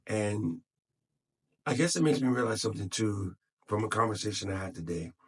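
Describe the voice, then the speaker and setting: Tired, husky-voiced man vlogging from his phone. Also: lowish voice, normal speed. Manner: encouraging, motivational, loose and unscripted. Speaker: podcaster. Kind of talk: casual to-camera vlog.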